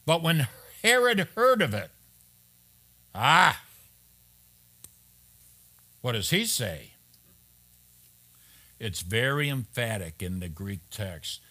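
A man's voice: mid-range voice, sing-song, slow, pauses often, bright, forceful tone. A man preaching an expository sermon as pastor, conversational and full of rhetorical questions, turning emphatic on key points.

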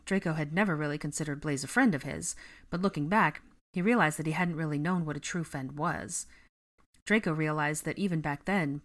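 A woman narrating a fan fiction chapter aloud, giving the characters only small shifts of voice. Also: low voice. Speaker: fanfiction reader. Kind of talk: audiobook narration.

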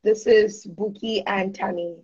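A woman's voice: medium pitch, steady tone, a little slow, a little mellow, breathy edge. A woman with a Nigerian accent, co-hosting a casual faith chat on a livestream, chatty and playful. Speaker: co-host. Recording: dull lo-fi livestream audio.

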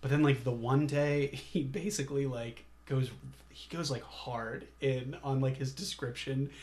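Brief: easygoing male podcast co-host, casual chatter, quick laughs, mid-pitched voice. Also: fairly even intonation, darkish tone. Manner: laid-back, laughs often, acts out scenes in quotes. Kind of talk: casual movie chat.

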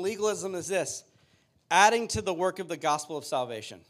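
Male pastor, high tenor, earnest sermon delivery with read-aloud scripture.

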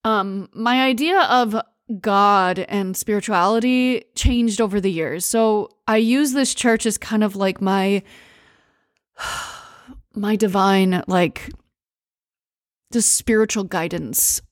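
An American woman hosting a podcast, talking through a personal story in a halting, emotional way with many pauses and restarts. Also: medium pitch, no room sound, clean studio sound. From United States. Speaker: podcast host. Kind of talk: personal monologue.

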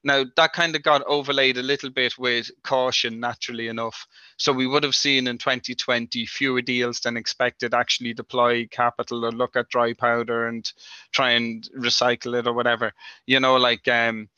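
Steady-toned man, rambling, slightly muffled. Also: medium pitch, normal speed, clean tone, no room sound. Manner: rambling, frequent "you know, like" fillers. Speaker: industry guest. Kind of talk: conversational interview answers.

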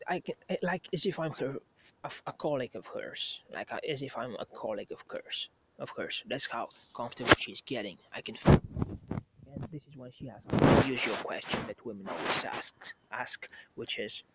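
A man's voice: medium pitch, dull audio. A man casually telling a story as a vlogger, rambling with many restarts and asides.

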